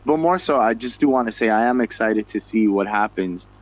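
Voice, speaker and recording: A man's voice: lowish voice, a little fast, poor audio. A man talking in a casual online chat, earnest and rambling, often correcting himself mid-sentence.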